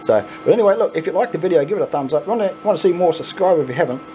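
A middle-aged man with an Australian accent hosting a casual unboxing vlog, excitable and chuckly, swearing freely. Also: fairly high pitch, very fast, soft background music. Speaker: coin pusher channel host.

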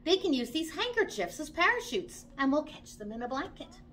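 Brief: thoughtful teddy bear leader, reassuring, lively pitch, woman reading. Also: fairly quick. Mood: kind. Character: kind, clever male teddy bear leader.

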